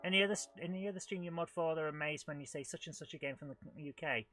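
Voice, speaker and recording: A man's voice: on the high side, racing, music in the background. Chatty British man narrating his gameplay. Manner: chatty, self-mocking, makes beeping car noises; excitable while playing. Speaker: host. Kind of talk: live retro gameplay commentary.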